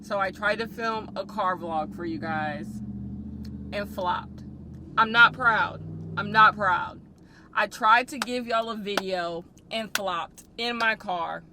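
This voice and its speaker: A woman's voice: mid-range voice, slow. A young woman vlogging from her car on a dashboard camera, talking in a dramatic, mock-tearful way. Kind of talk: casual car vlog. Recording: faint car noise. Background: car noise.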